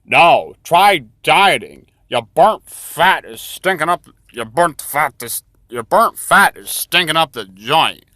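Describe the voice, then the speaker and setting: A man voicing a scornful male camp doctor, loud and mocking, stumbling over his words, with an attempted accent he says he cannot do. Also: on the high side, lively intonation, takes it slowly, pitched above the performer's own voice, exaggerated voice.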